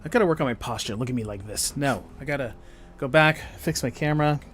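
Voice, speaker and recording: A man's voice: medium pitch, fast talker, a bit bright, faint music behind. A man giving casual commentary while he plays a video game, rambling to himself with frequent fillers and half-finished thoughts. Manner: rambling, self-talk with frequent fillers and trailing off. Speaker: gamer streaming his play. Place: home gaming setup on camera.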